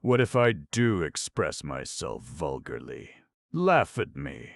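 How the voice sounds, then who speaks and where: Brief: man doing a fervent young madman in an audiobook, raised and urgent over a deep gravelly base. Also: sing-song, takes it slowly, no echo, studio quality, full character voice. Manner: impassioned, accusing. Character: agitated young male asylum patient, bitter.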